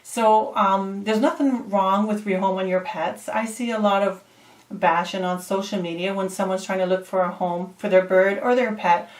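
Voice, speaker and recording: A woman's voice: mid-range voice, steady tone, moderate pace, roomy sound, far from the mic, rough recording. A woman talking casually to her viewers in a pet vlog, chatty and emotional, sometimes cooing to her parrot. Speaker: pet vlogger.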